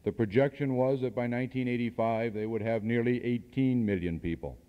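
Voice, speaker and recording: A man's voice: mid-range voice, a little fast. Man giving a seminar talk on cassette. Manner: rhetorical questions and dry asides. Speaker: seminar speaker. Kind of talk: speech to an audience. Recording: dull archival cassette tape in a hall.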